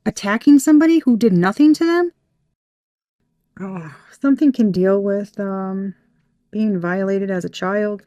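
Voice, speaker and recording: A woman's voice: medium pitch, mellow, no room sound, studio quality. A woman giving a tarot reading to her viewers, emphatic and heated, swearing freely. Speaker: tarot reader.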